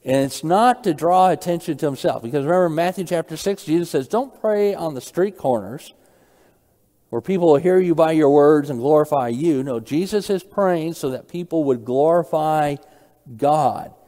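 A man preaching a sermon, explaining a passage line by line and stopping to ask his listeners questions. His voice sits a little high but sounds mellow and dark. The sound carries a long reverb, as in a large hall. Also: animated, moderate pace. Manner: explains scripture with rhetorical questions. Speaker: pastor. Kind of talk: expository sermon.

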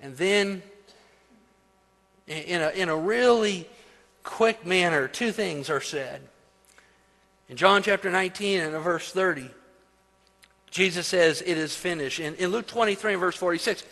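A man preaching a sermon, building to loud, emphatic peaks and then dropping to soft, slow phrases. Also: sits high. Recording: long hall reverb.

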